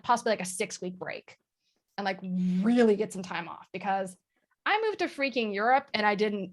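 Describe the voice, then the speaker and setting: A woman talking candidly as a guest on a video call, self-mocking and quick to laugh. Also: mid-range voice. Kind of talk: casual chat on a video call.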